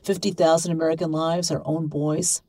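A woman's voice: low-pitched, level tone, moderate pace, warm tone, no room sound, natural voice. A woman voicing a sly middle-aged man, a stranger on a train, casual in his talk.

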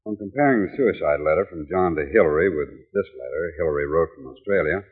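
An actor playing a matter-of-fact police sergeant in a 1940s radio drama, plain and businesslike. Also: male voice, a bass voice, expressive, a little fast, breathy edge, full character voice. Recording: tinny old radio broadcast.

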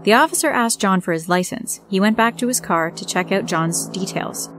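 A woman's voice: mid-range voice, expressive, normal speed, background noise. Woman narrating a first-person story.

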